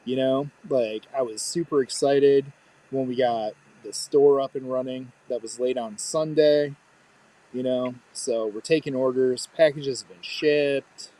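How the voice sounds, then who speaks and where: Man telling a lively story. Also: mid-range voice, unhurried. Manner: animated storyteller, acts out quotes. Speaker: podcast co-host. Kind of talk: casual storytelling chat.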